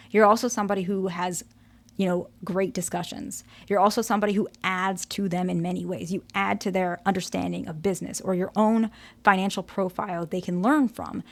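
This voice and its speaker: A woman's voice: mid-range voice, vocal fry. A woman therapist talking through relationship advice in an earnest way, using everyday examples and repeating words for emphasis. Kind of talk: advice talk to camera.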